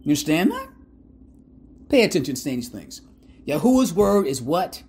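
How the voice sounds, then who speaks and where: A man's voice: fairly high pitch, sing-song, normal speed, darkish tone. Fiery man preaching with rhetorical questions. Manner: emphatic, fires rhetorical questions, fills with "my God" and "hello?". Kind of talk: fiery scripture-citing sermon.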